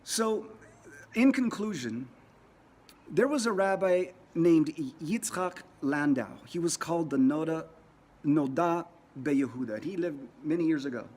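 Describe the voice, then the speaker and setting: A man's voice: fairly high pitch, lively intonation, a little slow, darkish tone. A man teaching a lesson in a casual, conversational way, often repeating words as he tells a story. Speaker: religious teacher.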